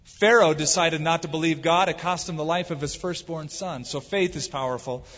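A man's voice: on the high side, moderate pace, a bit bright. A man preaching a sermon as a pastor, stretching out the words he stresses. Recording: dull lo-fi with long hall reverb.

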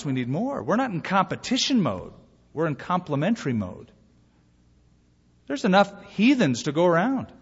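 A male pastor preaching a sermon in a lively way, acting out bits of dialogue between points. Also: on the high side, slightly rough. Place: church sanctuary. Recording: muffled live recording in a reverberant hall.

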